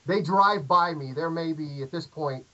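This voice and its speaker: A middle-aged American man telling a long, animated anecdote in casual chat, with lots of fillers and restarts. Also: on the high side, unhurried. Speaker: podcast guest. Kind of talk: casual storytelling. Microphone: remote call audio. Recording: dull lo-fi call audio.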